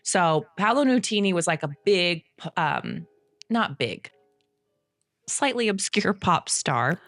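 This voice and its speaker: Lively podcast lady, lowish voice, dry close mic, chatty and excited. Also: measured pace, no echo, faint music behind. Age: about 40. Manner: chatty, enthusiastic, laughs often. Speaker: podcast co-host. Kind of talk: casual chat.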